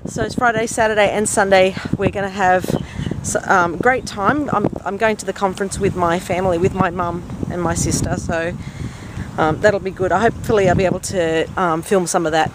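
A woman's voice: lowish voice, steady tone, fairly quick. A woman vlogging casually while out on a walk by a pond, rambling and chatty with lots of fillers. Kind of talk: casual walking vlog. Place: outdoors by a pond while walking. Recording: noisy outdoor recording.

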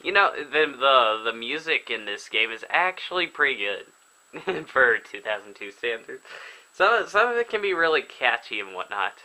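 A young man casually commenting on a video game as he plays, chatty and excitable. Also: medium pitch, normal speed, poor audio. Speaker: gaming video host. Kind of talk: casual let's play commentary. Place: indoors at home, filming himself.

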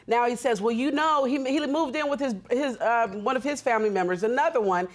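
A woman in her thirties testifying on a TV court show, telling her side in an animated, indignant way. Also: on the high side, brisk. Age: 30s. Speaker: litigant.

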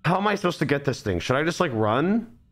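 A man's voice: fairly high pitch, sing-song, fast talker, fairly bright tone. A man giving live, nervous, rambling commentary while streaming a game.

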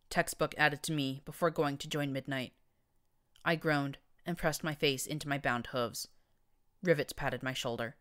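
A woman narrating fiction in first person, reading with a wry, even delivery. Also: low voice, normal speed. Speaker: audiobook narrator.

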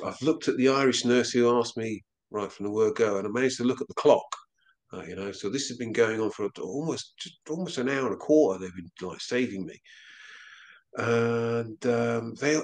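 A man, an interview guest, telling a personal story in a halting, earnest way with frequent restarts. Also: lowish voice. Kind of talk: recounting a personal experience in an interview.

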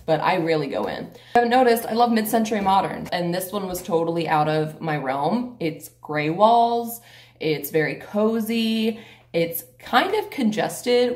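A young woman vlogger chatting casually at home, rambling and joking about herself. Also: on the low side. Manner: chatty, rambling, self-mocking. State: out of breath. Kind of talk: casual chat. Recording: echoey room.

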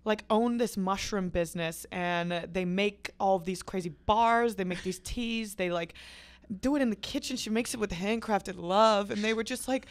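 A young woman hosting a podcast, telling a wild story in casual chat, animated and swearing freely. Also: medium pitch, moderate pace. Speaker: podcast host.

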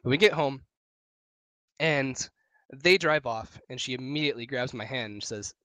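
A man's voice: medium pitch, moderate pace, pushed and bright, dry recording. A young man and podcast co-host telling a long personal story in casual chat, rambling and swearing with many restarts.

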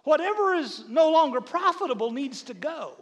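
A middle-aged pastor with a very high voice speaks at a moderate pace through a sermon full of funny stories about his wife, mimicking her voice. Animated, he repeats words as he builds up. The lo-fi sound carries the long reverb of a large hall.

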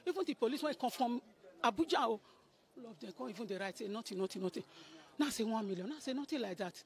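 A middle-aged woman speaking in Nigerian Pidgin English tells her story as a testimony. She pours feeling into it and keeps slipping into the voices of the people she quotes. Her pitch sits fairly high as she speaks. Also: fast. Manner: animated storytelling, acting out what others said. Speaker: person giving a testimony. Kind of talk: emotional spoken testimony.

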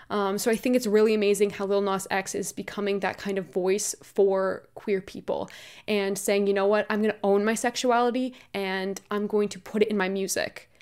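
A young woman giving casual, opinionated commentary on her vlog, laughing often and reading posts aloud. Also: mid-range voice. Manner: chatty, laughs often, reads tweets aloud. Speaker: commentary YouTuber.

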